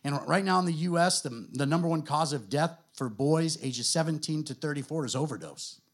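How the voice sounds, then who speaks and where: A middle-aged man with an American accent, a guest pastor telling his story to a church in a relaxed, conversational way, full of fillers. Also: on the high side, a little fast. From United States. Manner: conversational, self-deprecating, many fillers.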